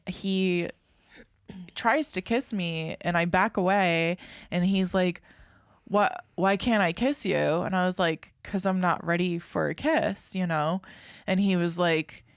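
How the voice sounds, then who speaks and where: A woman's voice: lowish voice, steady tone, measured pace, clear, resonant tone, no room sound, studio quality. A young woman co-hosting a podcast, chatting casually and rambling through a story with many fillers and restarts. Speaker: podcast co-host.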